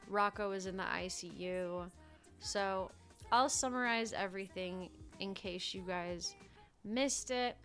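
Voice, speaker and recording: A young woman livestreamer in casual chat, telling stories in a chatty, animated way and swearing freely. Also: mid-range voice.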